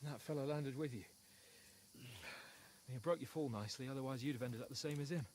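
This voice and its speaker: An actor playing an anxious young male companion in a game, speaking in an urgent, brisk, rallying way. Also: medium pitch, darkish tone, slight background noise, close to an everyday voice. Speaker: game character. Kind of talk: scripted game dialogue.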